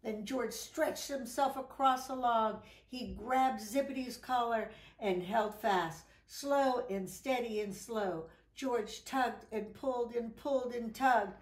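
A woman reads a children's picture book aloud, slow and sing-song, with bursts of exclamation. Her voice sits a little high. The room around her sounds echoey. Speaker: children's story reader.

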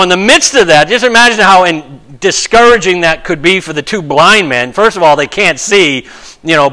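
Male pastor, higher voice, bright tone, casual preaching with dramatic quoted lines. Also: poor audio. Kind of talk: sermon.

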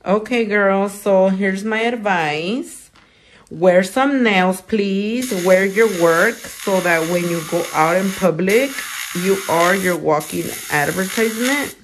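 A woman's voice: medium pitch, measured pace. A woman nail technician in casual livestream chat while doing her nails, blunt and profane as she vents. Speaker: nail technician and small business owner.

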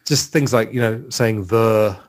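A man's voice: mid-range voice, normal speed. A man hosting a casual podcast conversation, chatty and thinking aloud with plenty of fillers. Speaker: podcast host.

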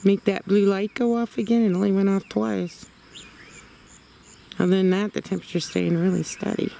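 A woman on a night ghost hunt, calling softly to unseen spirits in short questions. Her voice comes through a camera mic outdoors in the woods, with crickets and a steady hiss of noise underneath. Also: mid-range voice, moderate pace, vocal fry. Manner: coaxing, asks spirits questions in short bursts. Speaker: paranormal investigator. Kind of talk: ghost-hunting vlog. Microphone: handheld camera mic. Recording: noisy outdoor camera recording. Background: crickets and insects.

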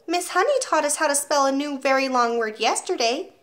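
A woman's voice: high-pitched, lively intonation, a little fast, a bit bright, pitched above the performer's own voice. A woman reading aloud and voicing a brave, eager little schoolboy who pipes up earnestly. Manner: piping, earnest.

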